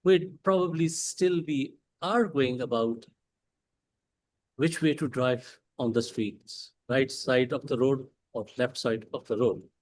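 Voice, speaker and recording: A man with a Pakistani English accent giving a prepared motivational speech at a club meeting, emphatic, with dramatic pauses and rhetorical questions. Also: medium pitch, darkish tone, poor audio. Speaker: club speaker. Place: meeting hall.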